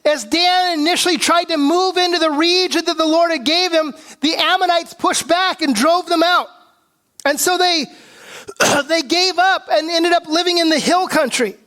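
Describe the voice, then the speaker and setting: Male pastor, higher voice than most men, preaching in a relaxed, conversational way. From Pacific Northwest. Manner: conversational, asks "right?" often, clears throat. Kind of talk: expository sermon. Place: church sanctuary.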